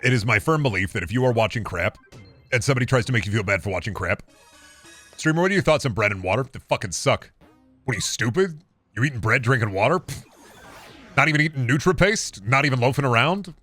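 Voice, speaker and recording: Fast, sarcastic ranting male streamer. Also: mid-range voice, lively intonation, bright, forceful tone, faint music behind. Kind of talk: casual live-stream chat.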